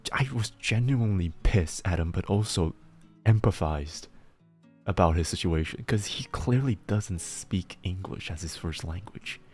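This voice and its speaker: Casual chatting streamer, very deep male voice, rambly and laughing, faint music behind. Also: a little mellow. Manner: rambling, laughs often, restarts words. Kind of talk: casual chat while working.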